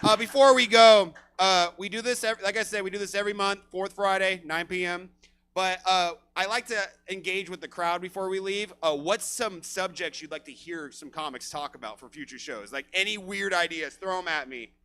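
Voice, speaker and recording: High bright-voiced host working the crowd. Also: male voice, moderate pace, a little hiss or hum. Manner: loose, chatty, laughing with the crowd. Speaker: show host. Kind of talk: live crowd work.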